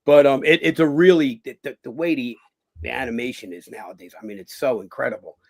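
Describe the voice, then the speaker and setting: A man's voice: mid-range voice, fairly quick, gravelly, darkish tone. A middle-aged man, an actor and former boxer, chatting as an interview guest, rambling through stories with lots of fillers and restarts and casual swearing.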